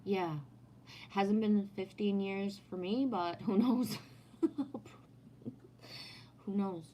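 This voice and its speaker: A woman's voice: mid-range voice, slow pace, muffled recording, a little hiss or hum. A middle-aged woman chatting casually on a livestream, rambling, swearing freely and trailing off mid-thought. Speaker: livestreamer reading chat.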